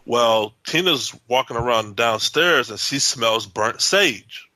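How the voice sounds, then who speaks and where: Bright-voiced man telling a rambling story. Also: mid-range voice, expressive, slow, no echo. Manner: rambling, many restarts, acts out quotes. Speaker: haunted house owner, interview guest. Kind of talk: casual storytelling interview.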